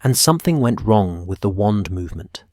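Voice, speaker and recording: A chatty teenage boy who chimes in cheekily, voiced by a man. He sounds low and unhurried, close to the mic in a dry room. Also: very animated, darkish tone, no room sound. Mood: cheeky.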